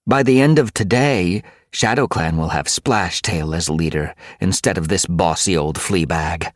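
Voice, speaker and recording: A man's voice: deep voice, unhurried, dry recording, clean studio sound. A man voicing a disdainful tomcat guard with a scornful, taunting manner. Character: snorting, disdainful tom guard cat.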